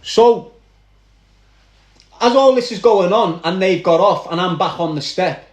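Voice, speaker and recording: Speaking at a measured pace in a high, animated voice, a Liverpudlian guest tells a dramatic first-person story about his earlier life. He addresses the audience directly, and the room around him sounds large and echoey.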